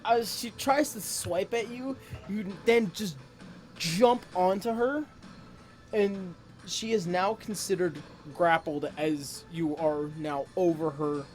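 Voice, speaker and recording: A woman with a low voice runs a tabletop game, narrating and calling for rolls. She talks casually and curses when her dice fail. Faint music plays underneath. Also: slow, a little mellow. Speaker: game master.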